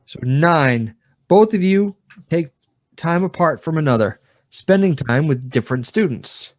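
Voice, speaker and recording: A man playing a tabletop game on a podcast, describing scenes in a relaxed, casual way. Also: on the high side, a little slow, no room sound, studio quality. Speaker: player. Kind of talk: casual actual-play chat.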